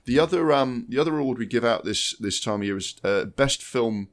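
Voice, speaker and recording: A man's voice: mid-range voice, lively intonation, a little fast. A man co-hosting a podcast, chatting casually about films in a blunt, sweary way with many restarts. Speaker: podcast co-host. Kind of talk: casual film chat.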